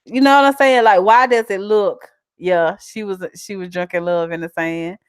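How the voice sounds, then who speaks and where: A woman's voice: medium pitch, normal speed, smooth, dry recording, clean studio sound. A woman with a South Carolina country twang, chatting casually and animatedly as she reads out viewer comments and laughs often. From South Carolina, USA. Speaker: vlogger.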